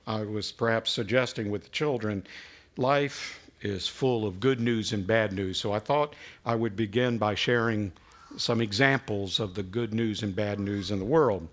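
A man pastor giving an unhurried, folksy sermon with prayer and jokes, often repeating words as he starts a sentence. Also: on the low side, muffled recording. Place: church sanctuary.

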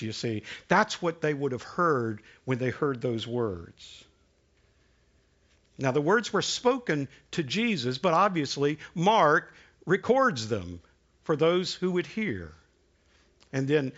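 A man preaching a sermon in a conversational way, asking the congregation questions and dropping to a hush for emphasis. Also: medium pitch, animated, slow, muffled recording. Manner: conversational preaching, rhetorical questions, dramatic hushed drops. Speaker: pastor.

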